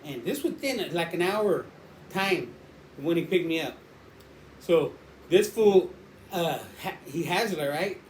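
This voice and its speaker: A man's voice: on the high side, lively intonation, takes it slowly, long pauses. A man telling a rambling, slangy street story in a casual way. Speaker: storyteller guest. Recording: roomy echo, faint background noise.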